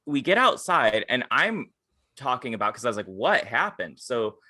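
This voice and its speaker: Animated, bright-voiced man telling stories. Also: mid-range voice, moderate pace, no echo. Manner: animated storytelling, swears freely. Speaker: podcast co-host. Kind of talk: casual chat.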